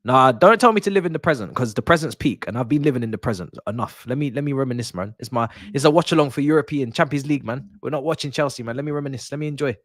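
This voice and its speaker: A man's voice: medium pitch, rapid-fire, hardly any pauses, no echo, studio quality. Young man chatting over football. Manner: laughing, nostalgic banter with slang, loud bursts at near-misses. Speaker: watch-along streamer. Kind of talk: casual football watch-along chat.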